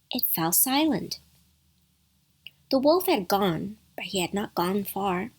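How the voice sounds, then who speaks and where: A woman's voice: mid-range voice, expressive, slow pace, pauses often, darkish tone, breathy edge. A woman narrating a bedtime story with playful asides to the listener.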